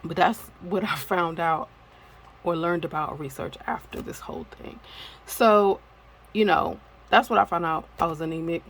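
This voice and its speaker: A woman's voice: on the low side, moderate pace, low-quality recording. A woman telling a personal story in a casual vlog, candid and rambling, with many fillers. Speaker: vlogger.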